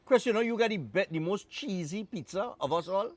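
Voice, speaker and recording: A Trinidadian man hosts a live morning show, talking in a chatty, joking way. His voice sits fairly high for a man. He slips into loose Caribbean phrasing as he goes. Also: lively intonation, a little fast, no room sound. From Trinidad and Tobago. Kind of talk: casual on-air chat.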